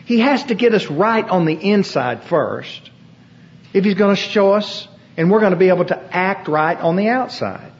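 A man's voice: high voice, lively intonation, moderate pace, highs cut off. A man preaching a sermon as pastor, with an emphatic, repetitive cadence.

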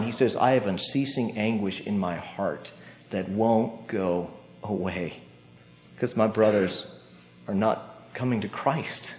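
A man preaching a sermon with animated delivery, acting out quoted voices and dropping from loud lines to hushed ones. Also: medium pitch, highs cut off. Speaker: pastor.

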